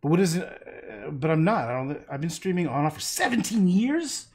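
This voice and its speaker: A man's voice: on the high side, quick pace, a little mellow. A man chatting casually on a livestream while he paints, rambling and talking to himself about the canvas.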